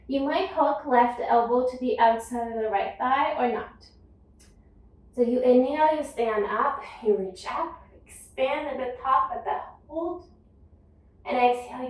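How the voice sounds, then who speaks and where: A woman teaching a yoga class, calmly cueing each breath and movement. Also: fairly high pitch, very echoey, far from the mic, rough recording. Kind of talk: guided yoga class instruction.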